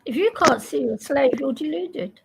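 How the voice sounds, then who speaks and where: A woman's voice: high-pitched, expressive, normal speed, creaky, background noise. A woman chatting casually on a stream, blunt and insistent. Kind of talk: casual chat.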